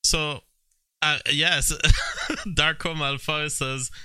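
A man's voice: on the high side, steady tone, extremely slow, loud music behind the voice. A man streaming live, commenting on AI-made songs, reading out chat messages and laughing often as he talks. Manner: chatty, laughs often, imitates sounds playfully.

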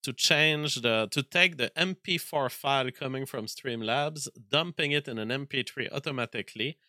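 A man's voice: mid-range voice, bright, forceful tone, no room sound, studio quality. French-accented man hosting a live stream. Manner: halting, thinks aloud with frequent restarts. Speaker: livestream host reading viewer messages. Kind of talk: casual live-stream chat.

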